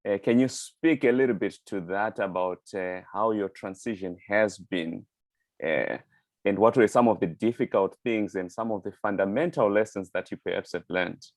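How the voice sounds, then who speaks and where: A man hosting a relaxed interview, speaking in a fairly low voice. He is easygoing and keeps checking in with short tag questions. The sound is dry and close. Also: moderate pace, no room sound. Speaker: host, interviewer.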